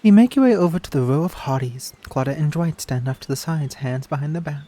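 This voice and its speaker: A streamer reading the game's text aloud and trading teasing, deadpan jokes with a co-host. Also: medium pitch, a little fast. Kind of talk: casual game stream with narration.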